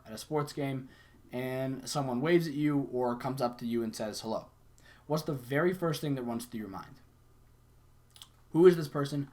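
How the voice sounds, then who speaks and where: Young adult man, conversational sales coach, acts out sample lines mid-explanation. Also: mid-range voice. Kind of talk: casual instructional talk.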